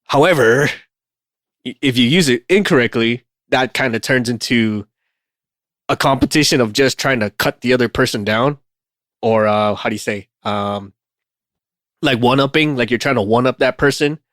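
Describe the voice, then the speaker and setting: A man's voice: medium pitch, normal speed, dry recording. A man in a casual podcast chat, heard close and dry on the mic. He talks at an easy pace, laughs a lot and leans on fillers as he tells stories. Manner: relaxed, laughs often, many fillers. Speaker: podcast co-host.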